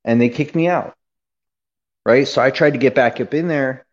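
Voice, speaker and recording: A man tells a long story on a livestream in a heated, profane, meandering rant, full of fillers and asides. His voice sits in a middle pitch. The recording is dull and lo-fi. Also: moderate pace. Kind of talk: casual ranting monologue.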